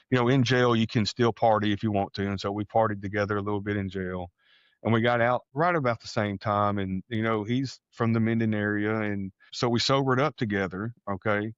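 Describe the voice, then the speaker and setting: A man from Texas telling a personal story on a podcast, animated, acting out the voices of people he quotes. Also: fairly low pitch, dry recording, dull audio. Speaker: podcast guest. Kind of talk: casual storytelling.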